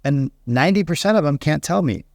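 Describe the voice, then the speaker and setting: A man coaching real estate agents in a casual, animated talk, often mimicking agents and clients in quick bursts. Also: fairly high pitch, gravelly, no echo, clean studio sound.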